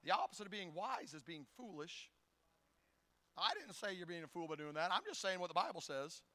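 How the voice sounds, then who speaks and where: A man's voice: high-pitched, expressive, a little fast, sharp tone. A man preaching a folksy, humorous sermon who acts out little scenes and often stumbles and repeats words. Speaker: pastor.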